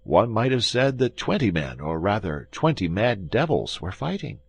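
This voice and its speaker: A man's voice: fairly low pitch, sing-song, moderate pace, creaky, slightly rough, dry recording, voice pushed up, heavily acted. Man voicing an eager loyal servant. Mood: excited.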